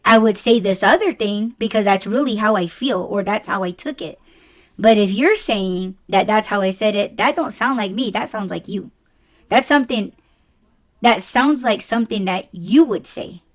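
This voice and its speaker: A woman's voice: mid-range voice, moderate pace. A woman hosting a solo podcast, talking bluntly and casually, swearing freely and using lots of fillers. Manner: conversational, with fillers like "like" and "you know". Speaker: podcast host.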